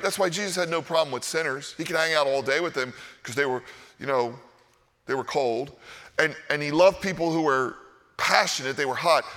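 Bright-voiced preacher in a reverberant hall. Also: male voice, a little high. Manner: animated, conversational, keeps asking "right?". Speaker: pastor. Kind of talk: sermon.

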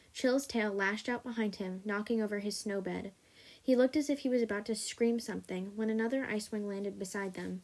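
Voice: mid-range voice, a little mellow. A podcast host reading their own fan fiction aloud in a casual way, with small restarts and corrections.

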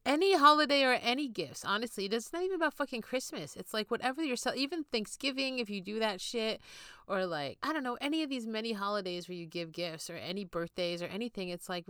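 A woman co-hosting a podcast in casual chat, animated and emphatic, swearing freely. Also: on the high side, quick pace, clear, resonant tone, no room sound, clean studio sound. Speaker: podcast co-host.

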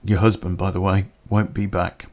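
A man telling a personal story on a podcast in a plain-spoken, unhurried way with pauses. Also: low voice, little pitch movement, a little mellow.

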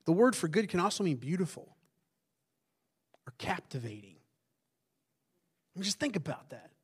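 A male pastor, preaching in a loud, conversational way that keeps asking the congregation questions and drops into hushed tones for emphasis. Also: high-pitched, big pitch swings, a little slow, husky. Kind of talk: conversational sermon.

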